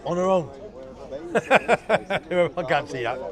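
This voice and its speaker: Speaking slowly in a high, animated voice, a man appears as a guest on a live show, rambling through casual banter full of fillers and restarts while a cough lingers. The outdoor livestream comes from a busy bar, with crowd chatter and noise all around.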